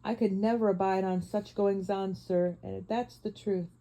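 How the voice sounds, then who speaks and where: A woman's voice: medium pitch, steady tone, normal speed, mellow, lightly acted, rough recording. Woman doing a humble Cockney cabman. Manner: deferential, homely. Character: humble working-class London cab driver, male.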